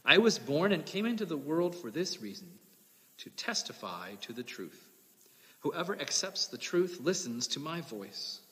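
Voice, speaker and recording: A calm, dignified prisoner answers in measured phrases, as a man reads the part. His pitch moves freely, and a long hall reverb hangs behind each phrase. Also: exaggerated voice.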